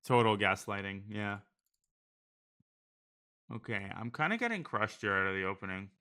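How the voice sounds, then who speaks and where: A man's voice: on the low side, big pitch swings, normal speed, sharp tone, clean tone. A man streaming online blitz chess, thinking aloud about his moves in a casual, joking way. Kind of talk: live commentary while playing online blitz.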